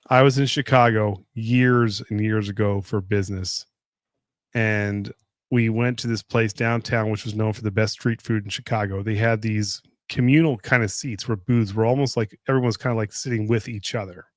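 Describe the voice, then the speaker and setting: A middle-aged man hosting a casual whiskey tasting livestream, telling a story with lively impressions of others. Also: fairly quick, dry recording. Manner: animated storyteller, jumps up high when imitating others. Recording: dry close sound.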